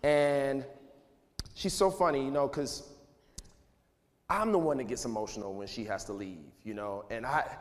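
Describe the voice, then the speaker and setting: In a school auditorium, a man in his thirties gives students a casual motivational talk, rambling loosely and peppering his speech with "like" and "you know." His mid-range voice moves at a moderate pace with frequent pauses. The hall is echoey, with faint noise.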